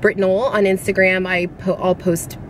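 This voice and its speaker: A woman's voice: mid-range voice, little pitch movement, normal speed, noisy background. A young woman vlogging in a casual, rambling, giggly way with lots of fillers, a little out of breath as she talks. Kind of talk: casual chatty vlog.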